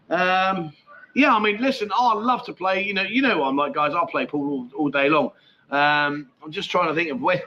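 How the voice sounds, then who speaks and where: A man's voice: high-pitched, bright, forceful tone, muffled recording. A man hosting a live stream chat show from home, rambling casually through viewer comments, swearing freely and laughing often. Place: at home with a dog nearby.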